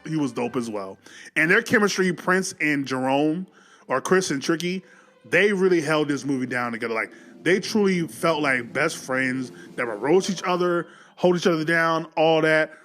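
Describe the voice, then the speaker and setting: A man casually recapping a movie, animated, often acting out the characters' lines. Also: fairly high pitch, moderate pace, soft background music. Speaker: movie reviewer.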